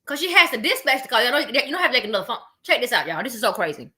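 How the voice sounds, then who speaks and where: A woman's voice: on the high side, sing-song, rapid-fire, sharp tone. A woman giving a casual reaction commentary on an emergency call, blunt and talking straight to her viewers. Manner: blunt, talks to viewers as "y'all".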